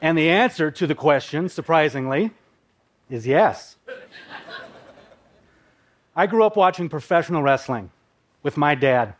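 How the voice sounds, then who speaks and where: A middle-aged man from Minnesota telling a personal story in a vivid, animated way. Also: on the high side, unhurried, long pauses. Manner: vivid, emotional, animated narration.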